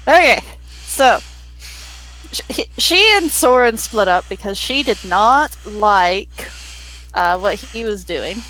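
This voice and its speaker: A young adult woman playing a tabletop game, telling her character's story in a chatty, animated way. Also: medium pitch, slow, low-quality recording. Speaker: player.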